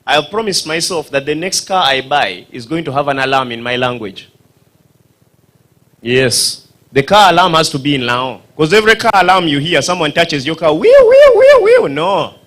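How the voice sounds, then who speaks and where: A man's voice: a little high, lively intonation, normal speed, pushed and bright. A man with a Ugandan accent, doing stand-up comedy storytelling at a dinner event, acting out voices and sound effects and quizzing the audience. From northern Uganda.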